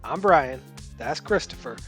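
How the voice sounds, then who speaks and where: A man's voice: on the high side, expressive, a little slow, fairly bright tone, soft background music. A man hosting a podcast, opening the episode with playful, upbeat patter. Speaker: podcast host. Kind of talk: casual podcast intro.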